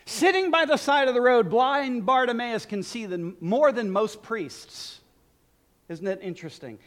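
A man's voice: very high-pitched, a little slow, fairly bright tone. A man preaching a sermon in an emphatic style, speaking directly to his listeners.

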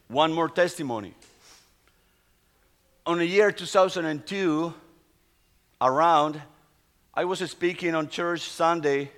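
A middle-aged man, a pastor whose first language is Spanish, tells a testimony in a sermon in halting English full of restarts. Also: fairly high pitch, fairly bright tone. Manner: non-native English, halting storytelling with restarts.

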